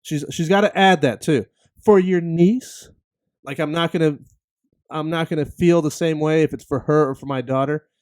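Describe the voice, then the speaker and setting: A man in his thirties with a slightly higher-than-average voice hosts a podcast and spins a comedic story. He sounds exasperated and animated, and he slips into the voices of the people he's complaining about. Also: brisk. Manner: animated, exasperated, acts out other people's lines. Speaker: podcast host.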